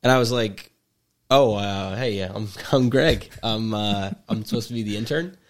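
A man's voice: lowish voice, moderate pace. A man in his twenties telling a story in casual chat, rambling with many fillers and restarts, and wry and jokey in his delivery. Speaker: podcast storyteller.

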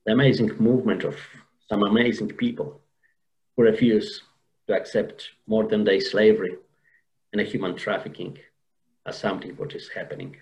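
A man's voice: on the low side, fairly even intonation, normal speed, a little mellow, poor audio. Earnest man telling an emotional story. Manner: earnest, emotional, with frequent restarts and repeated words. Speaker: podcast guest. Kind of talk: personal storytelling in an interview.

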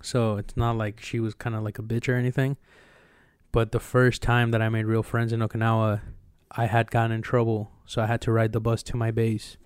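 Flat-voiced smooth young man telling stories. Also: on the low side, brisk, no echo, studio quality. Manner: profane, animated storyteller. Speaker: podcast co-host. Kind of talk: casual storytelling chat.

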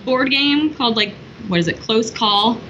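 A woman in casual chat, animated and exclamatory, cursing freely. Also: a little high, moderate pace. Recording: dull recording with faint hiss.

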